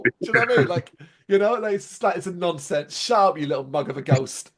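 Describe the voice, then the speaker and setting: Man, podcast co-host, high voice, sarcastic, animated, swears a lot. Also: fast. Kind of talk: casual review chat.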